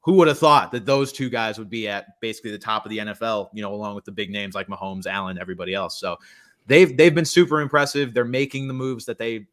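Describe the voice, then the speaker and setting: A man's voice: fairly low pitch, a bit bright. Chatty young man talking sports. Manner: chatty, quick asides, self-deprecating humor. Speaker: podcast co-host. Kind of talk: casual sports talk. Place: friend's home.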